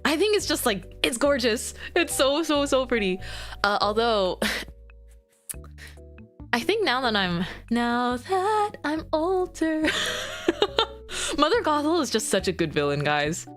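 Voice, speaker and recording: A bubbly woman chats casually to her stream, giggling and rambling as she goes. Her voice sits fairly high and swings widely with every thought. Soft music plays faintly underneath. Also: very animated, a little slow, pauses often. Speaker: VTuber streamer. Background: faint background music.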